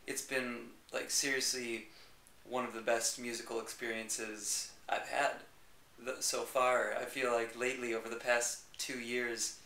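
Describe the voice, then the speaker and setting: A man's voice: medium pitch, little pitch movement, measured pace, creaky, sharp tone, a little hiss or hum. A young American man, a jazz pianist, chatting enthusiastically in an interview, rambling and laughing easily. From United States. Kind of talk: casual interview chat. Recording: echoey room.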